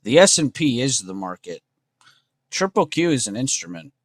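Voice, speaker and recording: A man's voice: mid-range voice, moderate pace, no echo, clean studio sound. A young man hosting a trading livestream, chatting casually and slangily with his viewers. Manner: relaxed, slangy, talks to chat with "bro" and "dude".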